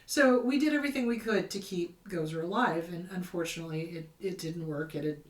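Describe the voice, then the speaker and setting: A woman's voice: fairly low pitch, a little fast. A woman therapist hosting a show, giving casual advice in a blunt, emphatic way and repeating her key points. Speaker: therapist host answering viewer questions. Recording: roomy echo, mic at a distance.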